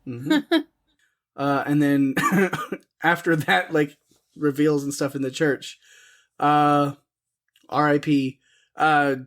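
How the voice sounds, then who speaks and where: A man's voice: a little high, steady tone, slow, pauses often, fairly bright tone. A man co-hosting a podcast, chatting casually about a film in a wry, sarcastic way and laughing often. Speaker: podcast co-host. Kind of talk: casual chat reviewing a film.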